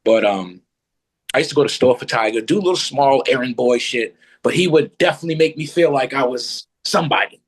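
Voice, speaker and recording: A man's voice: medium pitch, brisk, slightly rough, poor audio. A man telling a personal story as a podcast guest, blunt and profane.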